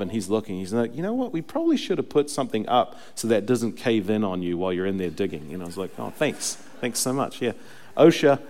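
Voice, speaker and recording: Here a young man serving as pastor delivers a sermon in a fairly low, darkish voice. His relaxed storytelling gradually rises to forceful preaching, all echoing with the long reverb of the church sanctuary.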